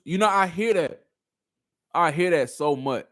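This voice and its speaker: A man's voice: on the high side, expressive, unhurried, long pauses, a bit bright, no echo, studio quality. A man doing reaction commentary on a video clip, arguing through a string of rhetorical questions.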